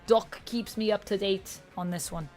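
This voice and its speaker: A woman's voice: medium pitch, normal speed, darkish tone, faint music behind. Chatty woman streamer answering chat. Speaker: livestream host. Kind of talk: casual just-chatting livestream.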